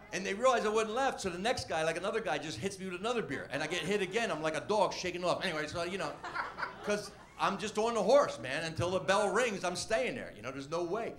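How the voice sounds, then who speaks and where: A comedian telling a rambling, animated story about his early stand-up gigs. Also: fairly high pitch, noisy background. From Washington D.C. area. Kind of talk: storytelling interview.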